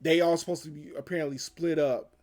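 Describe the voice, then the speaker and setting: A man's voice: on the high side, fairly even intonation, quick pace, a little mellow, soft background music. A man hosting a casual show review, retelling episode events in a rambling, conversational way and chuckling often. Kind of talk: casual spoiler review recap.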